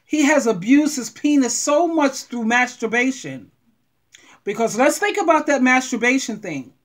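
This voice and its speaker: A middle-aged woman giving blunt, animated relationship advice straight to her viewers. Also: high voice, normal speed. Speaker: advice vlogger. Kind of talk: frank advice monologue.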